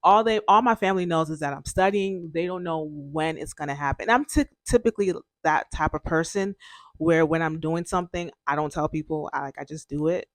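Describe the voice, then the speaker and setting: Young female podcast host, chatty storyteller, fillers and restarts, lower register, dry room. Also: fairly quick, no echo. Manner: chatty, frequent fillers and self-corrections.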